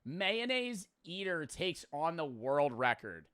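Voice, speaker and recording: A man's voice: fairly high pitch, takes it slowly, clean tone, dry recording, studio quality. A man rambling through a casual reaction to a video, swearing freely and jumping between thoughts. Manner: rambling, profane, excitable.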